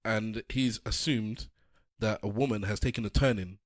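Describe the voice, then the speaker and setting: A man with a lowish voice speaks at a moderate pace in a dry, studio-quality recording. He hosts a podcast and chats casually, telling stories with animation and acting out the voices of the people in them.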